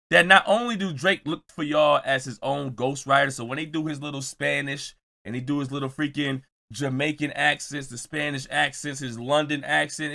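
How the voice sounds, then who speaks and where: A man hosting a reaction video, talking casually and teasingly, raising his voice and exaggerating for effect. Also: high voice. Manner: animated, teasing, shouts and exaggerates. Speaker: reaction channel host.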